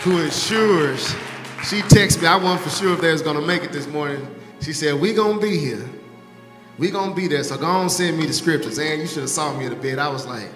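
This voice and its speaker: A male pastor, praying and then preaching a sermon, teasing church members by name and stretching out scripture lines for emphasis. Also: a little high. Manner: playful, teasing the congregation by name. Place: church sanctuary. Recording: echoey church hall with long reverb.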